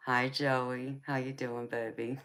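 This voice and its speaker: A slow-talking woman with a Southern accent from Georgia, hosting a live tarot stream. She chats easily with viewers, calling them honey and baby, and laughs often. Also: extremely low pitch. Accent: Southern American. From Georgia, United States.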